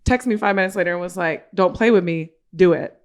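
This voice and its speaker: A woman's voice: lowish voice, fairly quick. A woman in the guest seat of a casual podcast chat. She tells her story with energy, acting out each exchange in quoted voices and dropping the odd swear word. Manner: animated, acts out quoted dialogue, swears casually.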